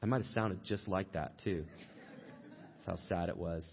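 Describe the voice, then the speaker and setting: A man preaching a sermon as pastor, in a conversational way, sometimes acting out quoted complaints in a higher voice. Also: steady tone, moderate pace, vocal fry, dull audio, a faint crowd, slight background noise.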